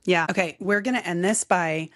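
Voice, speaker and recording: A woman's voice: fairly low pitch, normal speed. Playful, upbeat woman co-host. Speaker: podcast co-host. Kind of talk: casual chat.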